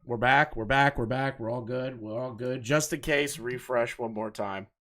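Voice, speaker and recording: A man's voice: mid-range voice, moderate pace, a bit bright. A man doing casual live commentary on clips, talking in a heated, profane and mocking way. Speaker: commentary streamer.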